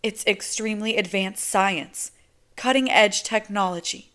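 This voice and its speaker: A woman reading an audiobook, voicing an anxious, intense teenage girl who is suspicious and quick to take offense. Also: bright, forceful tone, clean tone. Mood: defensive. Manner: tense, quick, high-strung. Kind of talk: audiobook character voice.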